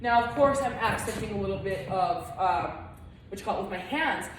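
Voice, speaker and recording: A woman's voice: mid-range voice, lively intonation, fairly quick, noisy background. Woman, dance instructor, chanting counts, distant, echoey studio, music playing. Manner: chants rhythms and counts aloud. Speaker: flamenco dance teacher.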